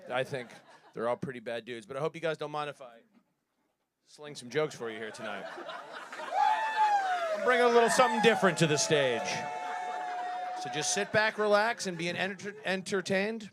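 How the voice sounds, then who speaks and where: A man's voice: fairly high pitch, moderate pace, pauses often, heavy background noise. A man in his thirties doing a rambling, self-deprecating stand-up set on a live stage, often laughing at his own jokes. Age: 30s. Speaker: stand-up comedian.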